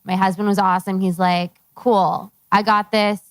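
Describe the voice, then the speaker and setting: A woman's voice: mid-range voice, flat delivery, moderate pace, clean tone, dry recording. A woman in the audience at a live talk asking a question, hesitant and searching, with many fillers. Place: live event at a members' club.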